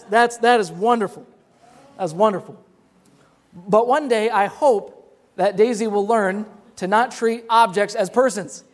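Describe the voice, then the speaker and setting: A young man preaching a sermon as pastor, earnest and repeating words as he explains. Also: sits high.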